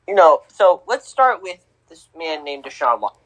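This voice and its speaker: A young man co-hosting a casual sports podcast, excitable and repeating words for emphasis. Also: fairly high pitch, normal speed, low-quality recording. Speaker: podcast co-host.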